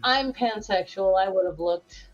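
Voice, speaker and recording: A woman's voice: medium pitch, measured pace, over loud music. A woman, a teacher, telling crude self-mocking stories in a casual video chat. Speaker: guest teacher. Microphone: video call. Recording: dull lo-fi call audio.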